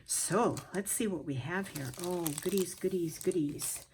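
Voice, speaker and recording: An unhurried craft vlogger with a lowish, somewhat mellow voice opens a gift package on camera, with slight background noise. Casual and effusive, she exclaims and gasps over each item and sometimes drops to a whisper, shifting her stand-mounted camera by hand.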